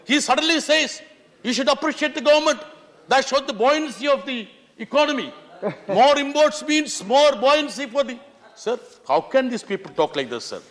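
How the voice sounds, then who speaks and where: MP, very high voice, fiery floor speech with bursts of shouting, echoing chamber. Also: male voice, sing-song, normal speed. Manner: impassioned, keeps pleading "sir", sometimes shouting. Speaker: member of parliament. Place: large parliament chamber. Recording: long reverb of a large chamber.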